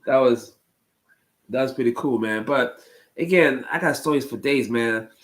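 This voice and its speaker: A man's voice: medium pitch, measured pace, a bit bright, poor audio. A man casually telling a long story to his live chat, rambling and repeating phrases, with plenty of ums. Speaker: streamer talking to chat.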